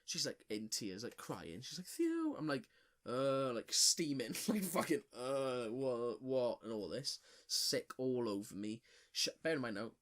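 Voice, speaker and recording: A man's voice: mid-range voice, measured pace, hardly any pauses, a bit bright. A young man from Wales on a podcast, telling a story in rambling casual chat full of filler words and swearing. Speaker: podcast co-host.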